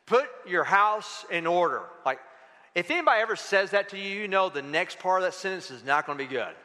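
High, bright-voiced man preaching. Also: lively intonation, fast talker. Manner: emphatic, rhetorical questions to the congregation. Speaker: pastor. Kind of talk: sermon. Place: church sanctuary. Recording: church hall reverb.

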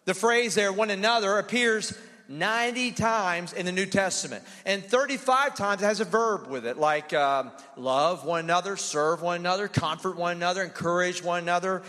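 Energetic high-voiced pastor preaching in a hall. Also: male voice, moderate pace. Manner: energetic, call-and-response with congregation. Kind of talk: sermon. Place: church sanctuary. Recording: long hall reverb.

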